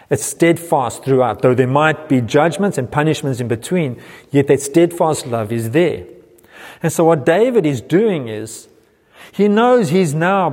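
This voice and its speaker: Middle-aged pastor preaching in a reverberant hall. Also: male voice, medium pitch, a little mellow. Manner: earnest expository preaching, quoting scripture. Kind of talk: sermon.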